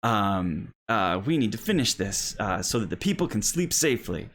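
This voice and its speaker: A man's voice: lowish voice, very animated, normal speed, fairly bright tone, a little hiss or hum. A man voicing an earnest young boy who plays at being a heroic knight and bosses his friends around. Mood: coaxing.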